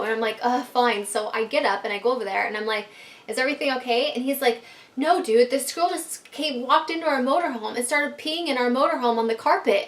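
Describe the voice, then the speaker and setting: A woman vlogger telling a casual storytime to her viewers, animated, full of fillers and swearing. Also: sits high, brisk.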